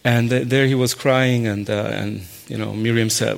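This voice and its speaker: A man telling his own faith story in an earnest, halting way, often restarting his sentences and breaking into short laughs. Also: mid-range voice, fairly even intonation, vocal fry. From raised in a Muslim family. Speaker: speaker sharing a personal faith story. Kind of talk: personal testimony talk.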